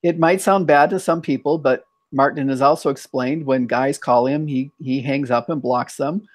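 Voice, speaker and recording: A man's voice: medium pitch, normal speed, no room sound. An American man hosting a casual online chat, thoughtful, often restarting his sentences. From United States. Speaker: host.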